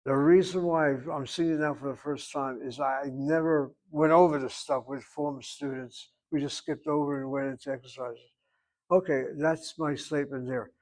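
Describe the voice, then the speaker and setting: Man, Hebrew teacher, classroom grammar lesson, emphatic, step-by-step explaining, average pitch. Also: steady tone, normal speed, darkish tone, poor audio.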